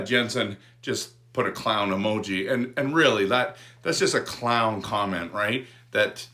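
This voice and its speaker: A man hosting a fan channel, ranting about a sports figure in an animated, repetitive way. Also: mid-range voice. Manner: animated, repetitive, restarts words. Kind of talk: fired-up fan rant to camera.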